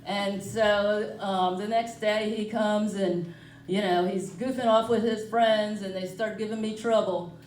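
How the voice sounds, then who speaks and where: A woman's voice: mid-range voice, fairly even intonation, measured pace, a little mellow, slight background noise. A woman doing a rambling, self-mocking stand-up comedy set at a brewery comedy night. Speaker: stand-up comic. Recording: echoey room, from far off.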